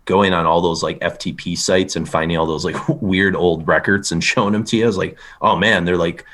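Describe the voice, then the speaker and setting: A man with a very low, deep voice hosts a relaxed music podcast. He rambles along casually, circling back on himself and trailing off into fillers as he talks. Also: fairly quick. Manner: rambling, lots of fillers and restarts. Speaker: podcast host.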